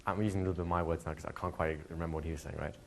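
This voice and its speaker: A man's voice: deep voice, steady tone, racing, creaky, slight background noise. A man, a hypnosis instructor, answering a student's question in a live workshop, telling stories, laughing and acting out quoted dialogue. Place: training room with students.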